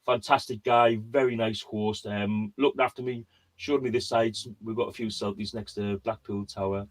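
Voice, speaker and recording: A man's voice: fairly low pitch, fairly even intonation, normal speed. Rambling man hosting a quiz. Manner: rambling storyteller, many fillers and restarts. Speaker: quiz host. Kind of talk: casual chat.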